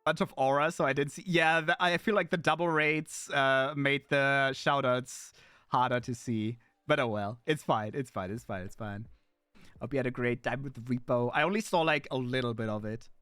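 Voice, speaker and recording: A man streaming live in casual chat, playful and animated, jumping from excited squeals to low mutters. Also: normal speed, clear, resonant tone, no echo, faint music behind.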